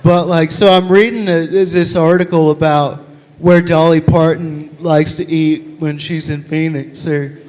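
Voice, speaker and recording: High-voiced profane comedian on stage. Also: male voice, a little slow. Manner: profane, animated storytelling with loud comic outbursts. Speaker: stand-up comedian. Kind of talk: stand-up comedy set. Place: large live venue with audience. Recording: live hall reverb, crowd laughter.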